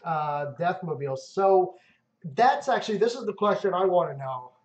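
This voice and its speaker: A man's voice: sits high, expressive, normal speed. A man hosting a live stream, chatting casually and easily with viewers, calling them man and dude. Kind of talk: casual chat. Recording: muffled roomy stream audio.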